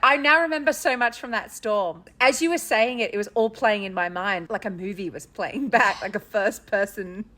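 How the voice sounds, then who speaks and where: A woman's voice: mid-range voice, moderate pace, few pauses, bright, forceful tone. A woman co-hosting a casual chat, laughing often and giving short replies. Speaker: podcast co-host.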